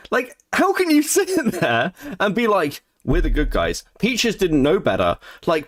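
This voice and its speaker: A sarcastic man reacting to a clip with profane, mocking asides. His voice is lively and rises and falls a lot, and the sound is close and dry. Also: sits high, unhurried, no echo. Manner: sarcastic, profane, laughing scorn. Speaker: commentator reacting to a stream.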